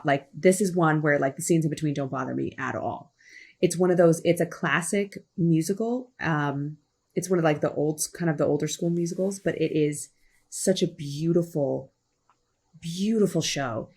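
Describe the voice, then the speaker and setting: A woman's voice: low-pitched, normal speed, a little mellow, slightly rough. A woman co-hosting a casual game chat over a video call, talking enthusiastically and rambling with fillers. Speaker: co-host.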